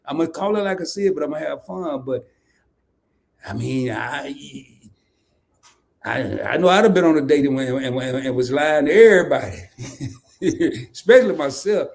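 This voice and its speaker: A man with a fairly high voice hosts a loose, chatty live stream. He jokes and teases, and his voice jumps into loud laughing bursts. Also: expressive, moderate pace, gravelly, pauses often. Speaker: host. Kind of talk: casual live-stream chat.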